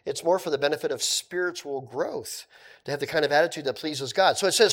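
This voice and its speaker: A man's voice: a little high, brisk. Conversational male pastor preaching. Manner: conversational, swings from emphatic to quiet asides. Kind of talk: sermon.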